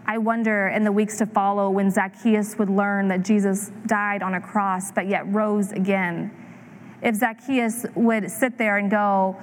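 A woman in her thirties preaching a sermon, telling a story with lively acted-out voices. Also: medium pitch, measured pace, a little hiss or hum. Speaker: pastor.

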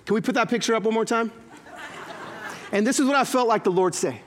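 A man's voice: high voice, a little fast, slight background noise. A man in his forties preaching a sermon as a pastor, telling stories with acted-out quotes. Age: 40s. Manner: animated storytelling with acted-out quotes.

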